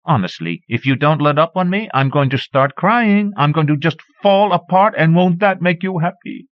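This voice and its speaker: A man's voice: fairly high pitch, lively intonation, normal speed, no echo, pitched above the performer's own voice, lightly acted. A man reading aloud and voicing a vain, cocky seventeen-year-old boy who teases his younger brother smugly. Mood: mock hysterical. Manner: smug, teasing, preening. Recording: dull lo-fi cassette recording.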